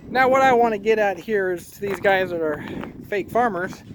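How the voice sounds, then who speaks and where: A man's voice: sits high, brisk. A man, a cattle farmer, talking casually to camera outdoors on his farm, plain-spoken and rambling, a bit out of breath. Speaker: cattle farmer and channel host. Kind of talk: casual vlog talk to camera. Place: outdoors on a farm in high wind. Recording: outdoor recording with clear wind noise.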